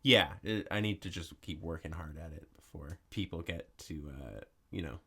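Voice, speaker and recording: A man's voice: deep voice, moderate pace, pushed and bright, slightly rough. A young man, a stand-up comedian, chatting as a podcast guest, laughing often and hesitating with fillers. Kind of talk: casual chat.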